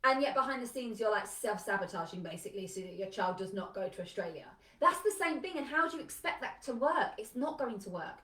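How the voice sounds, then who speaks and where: A woman business coach giving an energetic, emphatic live talk, chatty and full of "like". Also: fairly high pitch, fairly quick, hardly any pauses. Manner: energetic, emphatic, conversational with lots of "like". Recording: echoey room, a bit far from mic.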